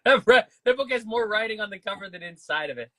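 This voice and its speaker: Bright-voiced upbeat auction host. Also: male voice, high-pitched, animated, slight background noise. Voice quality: upbeat, quick banter and laughs. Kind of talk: live sales stream chatter.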